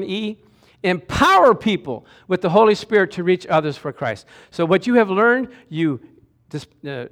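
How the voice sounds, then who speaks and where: A man with a high voice preaching a lively sermon in a church. He keeps calling out to the congregation for answers as he goes. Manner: animated, calls out to the congregation for responses.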